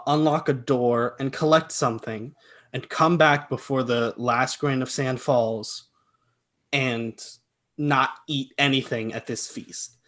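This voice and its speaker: A young man co-hosting a podcast, calmly recapping film scenes in a matter-of-fact way. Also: mid-range voice. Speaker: podcast co-host. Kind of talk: casual film review chat.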